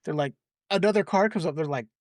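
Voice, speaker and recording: A man's voice: fairly high pitch, fast talker, a little mellow, dry recording, clean studio sound. A man on a podcast retelling movie scenes in a casual chat, acting out quotes and laughing often. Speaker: podcast host.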